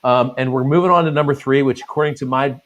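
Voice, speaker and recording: A man's voice: mid-range voice, quick pace. A man hosting a live online show, chatting casually, laughing and telling rambling side stories. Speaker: host.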